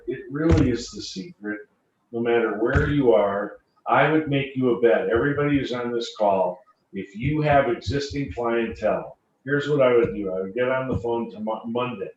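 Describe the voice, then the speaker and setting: A man's voice: medium pitch, darkish tone. Man telling stories on an echoey call. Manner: storytelling, repeats phrases for emphasis. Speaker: financial sales panelist. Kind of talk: panel talk with anecdotes. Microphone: video call computer mic. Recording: echoey, distant, dull lo-fi call audio, faint hiss.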